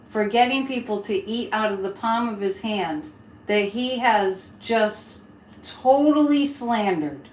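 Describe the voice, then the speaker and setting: A woman hosting a live-stream psychic reading, chatting loosely with viewers and laughing between remarks. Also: high-pitched. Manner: chatty, laughing, rambling asides to chat. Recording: echoey room, faint background hiss.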